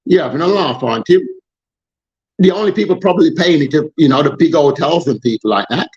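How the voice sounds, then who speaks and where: Man, higher-pitched, fired-up political chat, muffled lo-fi sound. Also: animated, a little fast, a little mellow. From Jamaica. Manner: passionate, exasperated, rambling with restarts. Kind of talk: casual political discussion.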